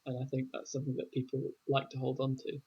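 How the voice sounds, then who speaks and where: A man's voice: mid-range voice, monotone, fast talker, a little mellow, breathy edge. A man from England in a casual podcast chat, explaining points earnestly, his sound muffled by a bucket over his head.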